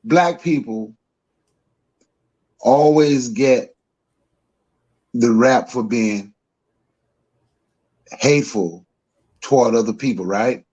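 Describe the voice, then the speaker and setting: A man, co-hosting a podcast and giving his opinions emphatically, repeating himself and climbing higher as he gets worked up. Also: darkish tone, muffled recording. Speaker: podcast co-host. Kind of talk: heated opinion talk.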